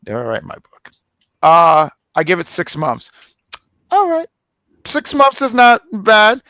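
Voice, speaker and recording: A man co-hosting a wrestling review show in casual chat, rambling and animated with frequent restarts. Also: high voice, unhurried, no echo. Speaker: wrestling review podcast co-host.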